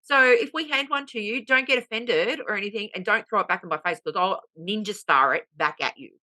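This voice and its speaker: Woman cohost chatting casually, acts out the people in her stories, normal pitch. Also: brisk, no room sound. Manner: animated storytelling with mimicry. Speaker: podcast co-host. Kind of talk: casual chat.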